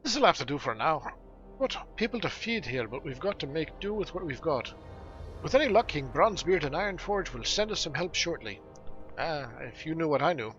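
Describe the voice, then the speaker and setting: A man voicing a busy, gruff male dwarf quartermaster from a game, in a put-on dwarf brogue. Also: fairly high pitch, lively intonation, normal speed, fairly bright tone, highs cut off, soft background music, voice pushed up.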